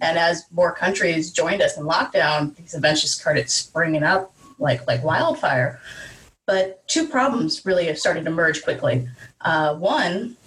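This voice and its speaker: Low-voiced woman guest, distant mic. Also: a bit bright. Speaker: wine writer and guest. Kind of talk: casual interview chat.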